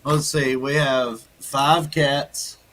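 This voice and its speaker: A man's voice: medium pitch, little pitch movement, extremely slow, fairly bright tone, poor audio. A man co-hosting a live radio stream in an easygoing, casual way.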